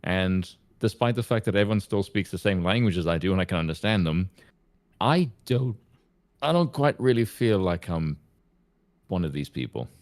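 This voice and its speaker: A man's voice: low voice, expressive, normal speed, a little mellow, dry recording. A man from South Africa, a guest on a live stream, telling his story in a dry, wry way. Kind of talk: casual live-stream chat.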